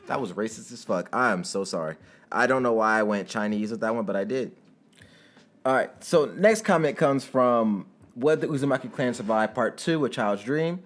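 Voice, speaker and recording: A young man narrating a fan story and then chatting casually to his viewers, rambling and laughing, jumping into high squeaky tones when he jokes. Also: fairly bright tone. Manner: giggly, rambling, jumps into high squeaky bits when joking.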